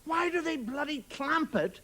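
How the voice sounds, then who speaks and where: Wry Irish comedian, lively pitch. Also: male voice, unhurried. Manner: wry, musing, conversational, casual swearing. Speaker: stand-up comedian. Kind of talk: stand-up routine. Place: television studio with live audience. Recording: broadcast audio with audience laughter and noise. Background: audience laughter.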